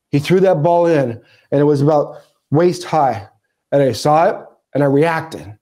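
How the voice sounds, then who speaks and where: High-voiced man telling a lively story. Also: measured pace. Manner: animated, acts out shouts and quoted lines. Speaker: podcast guest, former ballplayer. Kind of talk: storytelling interview.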